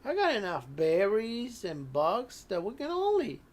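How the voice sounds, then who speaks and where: A man's voice: sits high, wildly swooping pitch, measured pace, full character voice. Guy putting on a weird eager hermit who eats bugs, stammers, rambles, kinda pushy friendly.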